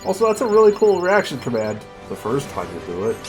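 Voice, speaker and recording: A man's voice: a little high, wildly swooping pitch, fast talker. A man hosting a casual video game commentary, joking and laughing as he goes. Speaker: host commentator. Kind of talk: casual let's play commentary. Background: game music.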